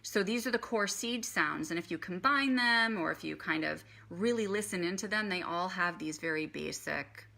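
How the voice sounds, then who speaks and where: A woman's voice: lowish voice, moderate pace, gravelly, few pauses, sharp tone. A woman teaching meditation in a chatty live stream, guiding the listener through breathing and chanting. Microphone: phone.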